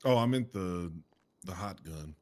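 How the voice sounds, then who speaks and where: A man's voice: low voice, animated, a little slow, darkish tone. A man playing a police officer in an online role-play, chatting casually and laughing easily.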